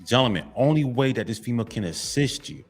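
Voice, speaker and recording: A man's voice: medium pitch, lively intonation, quick pace, faint music behind. A man giving a preachy, emphatic monologue to men, repeating himself and addressing them again and again. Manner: emphatic, repetitive, keeps saying gentlemen. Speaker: motivational vlogger.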